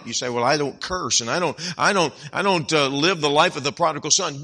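A man preaching an evangelical sermon, swinging from hushed, slow lines to loud, emphatic outbursts. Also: on the high side, lively intonation.

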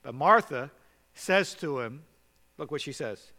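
A man preaching earnestly in a church, his high voice rising to loud exhortation and dropping to quiet questions. His tone is bright and forceful. A long reverb trails his words through the hall. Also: animated, a little slow. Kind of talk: sermon.

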